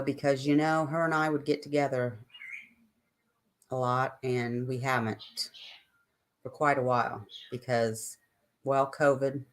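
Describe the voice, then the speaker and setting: An older woman hosting a live stream, chatting casually and ramblingly with her viewers and answering their comments. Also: very deep voice.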